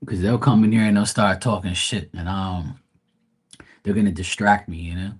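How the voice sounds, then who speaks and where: A man's voice: low-pitched, steady tone, normal speed, slightly rough. A man hosting a tarot livestream, rambling in casual, profane chat with his viewers. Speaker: tarot reader livestream host.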